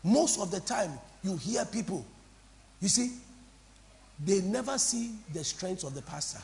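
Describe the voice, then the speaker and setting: A woman pastor from Ghana, preaching a sermon to a congregation in an impassioned, repetitive, sing-song way that swings between soft and loud. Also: medium pitch, animated, measured pace. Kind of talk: preaching a sermon with call-and-response. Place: church before a congregation.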